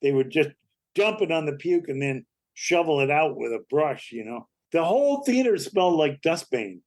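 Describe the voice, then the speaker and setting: A man's voice: fairly high pitch, moderate pace. An older man, a comedy actor and writer, telling anecdotes as a podcast guest and acting out the voices of people he quotes. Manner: lively anecdotal storytelling, acts out quoted voices. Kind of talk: storytelling interview.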